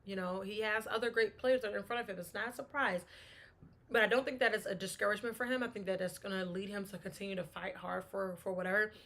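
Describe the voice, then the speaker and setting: A woman's voice: medium pitch, fairly even intonation, quick pace, a bit bright. A woman hosting a casual solo sports talk show, chatting and thinking aloud, often restarting her sentences.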